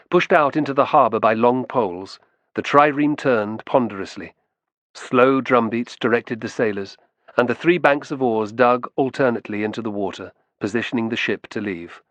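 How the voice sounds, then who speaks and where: A man narrating a historical novel in an expressive storytelling style. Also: medium pitch, no room sound, lo-fi sound. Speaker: audiobook narrator. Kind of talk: scripted narration.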